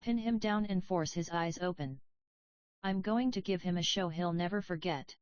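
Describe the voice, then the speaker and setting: A woman's voice: fairly low pitch, normal speed, dry recording, close to an everyday voice. A woman reading a hissing villain butler. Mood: venomous. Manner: hissing, venomous. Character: cruel scheming male butler villain. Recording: dry, slightly dull audio.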